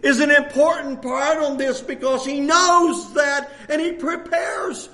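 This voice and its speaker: An older man in his sixties preaches with a lilt. His voice sits very high for a man, and he pushes his points with fervent repetition, building to shouted emphasis. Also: steady tone, unhurried. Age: 60s. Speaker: pastor. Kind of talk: sermon.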